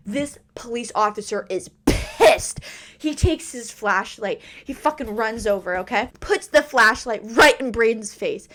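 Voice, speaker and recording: Animated female podcast host, dramatic storyteller, bouncy and high in pitch. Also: unhurried.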